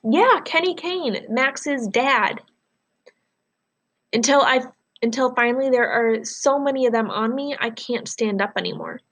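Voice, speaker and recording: A woman teacher reading a novel aloud to her class, pausing to explain words and ask questions. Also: high voice, fairly bright tone.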